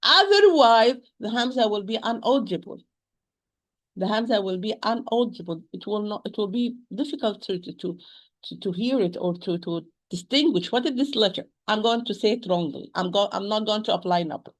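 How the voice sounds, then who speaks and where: A woman teaching a recitation lesson, speaking haltingly, often repeating words and modelling pronunciations aloud to make her points. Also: medium pitch, lively intonation. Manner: stresses rules with emphatic repetition.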